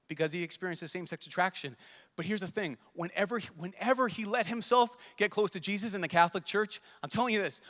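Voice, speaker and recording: The voice sits high and sounds pushed and bright as a young priest earnestly pleads with a large youth conference crowd. Repeating himself as he goes, he delivers an emotional sermon, with long reverb from the large hall.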